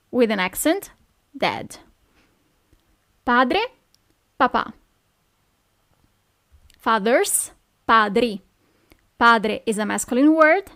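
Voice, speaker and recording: Woman, Italian accent, language teacher, slow careful repetition, dry close sound. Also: fairly high pitch, no room sound. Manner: repeats each word slowly and carefully, checks with "ok?". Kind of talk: slow, clear language lesson.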